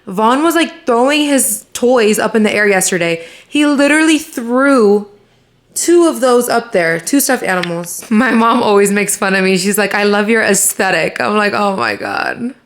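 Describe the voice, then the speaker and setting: A woman's voice: on the high side, animated, moderate pace. Chatty young woman vlogging at home. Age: 20s. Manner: chatty, lots of "like", talks to viewers as "guys". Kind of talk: casual vlog chat.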